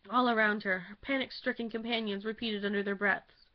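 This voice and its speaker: Expressive woman reading a classic novel aloud. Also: mid-range voice, moderate pace, highs cut off. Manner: expressive, theatrical storytelling. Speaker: audiobook reader. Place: at home.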